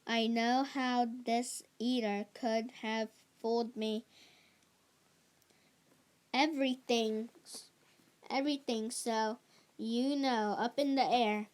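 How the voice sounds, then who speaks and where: A woman reads aloud in a slightly high voice, playing an excitable actress mother chasing her big break. Her delivery is slow and halting, with a coaxing mood.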